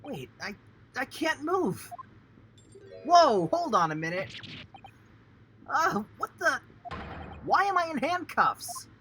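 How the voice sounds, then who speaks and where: A man voicing a flustered young male student who wakes up accused of a crime, yelping in sudden high-pitched panic. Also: huge pitch swings, takes it slowly, pauses often, pushed and bright, a little hiss or hum, full character voice. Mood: panicked.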